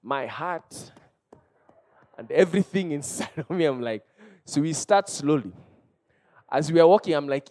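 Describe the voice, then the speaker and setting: A Kenyan pastor in his thirties delivers a sermon in a notably high voice. He preaches with passion, rising to loud cries and dropping to hushed storytelling. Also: animated, a little slow, long pauses.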